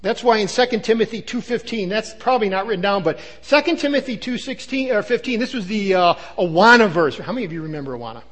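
An older man, a pastor, preaching a sermon in an animated way, with asides and acted-out quotes. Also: high voice, quick pace, few pauses.

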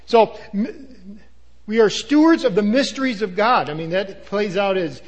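An older male pastor delivers a lively sermon with a fairly high-pitched voice. He talks in an animated preaching manner, breaking into quick asides and acted-out lines.

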